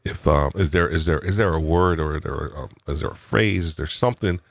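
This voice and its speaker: A man's voice: a bass voice, a little fast, creaky, dry recording. A man from New York hosting a live podcast chat, teasing his guests in playful banter and musing with many fillers and restarts. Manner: reflective, uses fillers and restarts. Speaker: podcast host.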